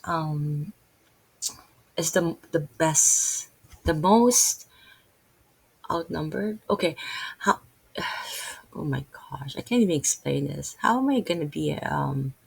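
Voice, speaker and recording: A middle-aged woman from the Philippines with a Filipino accent, rambling earnestly in an unscripted vlog, with halting restarts and many fillers. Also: low voice, lively intonation, vocal fry, breathy edge, rough recording. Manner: earnest, openly emotional about faith. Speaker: vlogger and massage therapist. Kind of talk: unscripted casual vlog talk.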